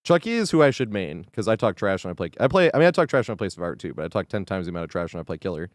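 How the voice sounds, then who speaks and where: A male game streamer talking casually with his chat while he plays. His pitch swings up and down a lot, he curses freely, and he breaks into laughter between lines. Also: big pitch swings, very fast, dry recording, clean studio sound. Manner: swears freely, laughs often, reacts to chat and gameplay. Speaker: live streamer.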